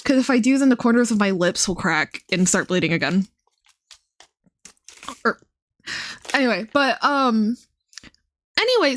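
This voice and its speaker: A woman's voice: mid-range voice, a bit bright. A woman in her twenties chatting casually on a livestream, talking with her mouth held nearly closed because her lips are sore and blistered, in a rambling way full of fillers. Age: 20s. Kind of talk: casual chat stream.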